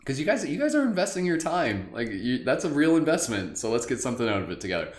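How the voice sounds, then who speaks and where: A man's voice: mid-range voice, big pitch swings, fast talker, echoey room. A man hosting a live group meditation in a casual, joking way, rambling with lots of "like". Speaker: meditation host. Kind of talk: casual guided meditation livestream.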